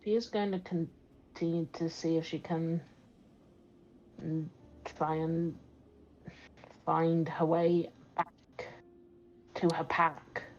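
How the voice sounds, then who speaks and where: A woman playing a tabletop game, speaking in a hesitant, halting way. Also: low voice, level tone, darkish tone, highs cut off, slight background noise. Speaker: player.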